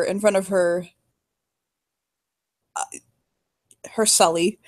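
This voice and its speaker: A woman's voice: lowish voice, darkish tone. A woman game master narrating a role-play scene in a rambling way, correcting herself and laughing at her own words.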